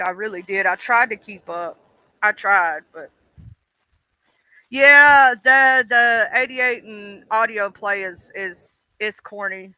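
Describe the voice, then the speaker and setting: A woman's voice: fairly high pitch, pushed and bright, no echo, poor audio. A woman hosting a casual livestream, chatting bluntly about online drama and swearing freely. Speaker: livestream host.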